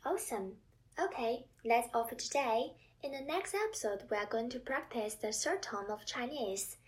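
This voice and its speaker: A woman teaching a language lesson, speaking with slow, careful enunciation and leading repeat-after-me drills. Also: on the high side, animated, far from the mic.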